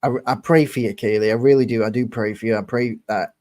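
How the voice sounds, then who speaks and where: A young livestream host talks fast in a darkish, medium-pitched voice with a steady tone. He angrily swears through a heated rant aimed at a commenter, confrontational all the way.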